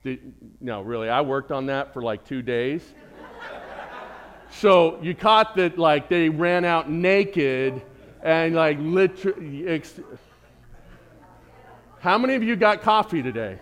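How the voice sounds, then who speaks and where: Male pastor, animated sermon delivery, lively pitch, playful asides. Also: unhurried. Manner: animated preaching with jokes and asides.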